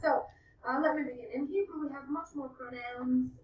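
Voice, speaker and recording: A woman's voice: high voice, fairly even intonation, normal speed, a little hiss or hum. A woman explaining Hebrew pronouns in a recorded language lesson, playful and amused by the word quirks. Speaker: Hebrew teacher. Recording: muffled, distant, echoey replayed audio.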